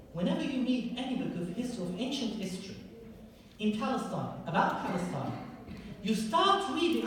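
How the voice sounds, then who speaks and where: A man giving a public history lecture to a live audience. He is lively and often puts direct questions to the listeners. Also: sits high. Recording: echoey hall recorded from far off.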